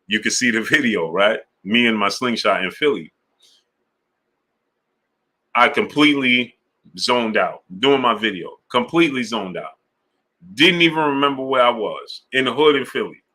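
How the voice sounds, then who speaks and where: A man hosting a sports live stream, chatting casually in slang and shouting out viewers by name. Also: medium pitch, lively intonation, normal speed, pauses often. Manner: laid-back, slang-heavy, shouting out viewers. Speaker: sports channel host. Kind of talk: casual live-stream chat reading super chats.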